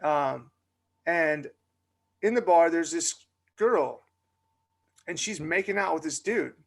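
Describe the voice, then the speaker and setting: A man's voice: on the high side, animated, slow, creaky. A young adult man, co-hosting a podcast and telling a long story in a chatty, filler-heavy way. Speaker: podcast co-host. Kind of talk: casual storytelling chat.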